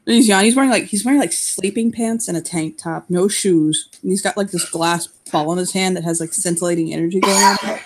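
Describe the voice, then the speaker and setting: A woman's voice: on the low side, slight background noise. A woman playing a tabletop role-playing game, describing her character's actions with frequent laughs and restarts. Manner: giggly, halting with restarts. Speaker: player. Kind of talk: casual tabletop role-play.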